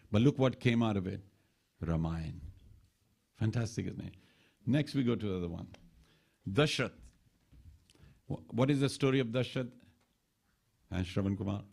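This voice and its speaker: A man giving a sermon at a temple, telling scripture stories in an animated preaching manner. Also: creaky. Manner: animated storytelling preacher, quoting lines with shifts in pitch. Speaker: temple speaker. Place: temple hall.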